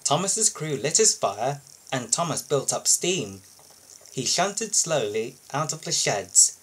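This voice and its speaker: A man reading a children's storybook aloud in an expressive, sing-song way. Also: medium pitch, slow pace, slightly rough, rough recording. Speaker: storybook reader.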